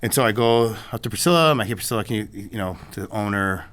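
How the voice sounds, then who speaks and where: In a relaxed interview, this male filmmaker meanders through a story, constantly restarting, adding asides, and saying "you know what I mean." He talks quickly in a fairly low, slightly bright voice.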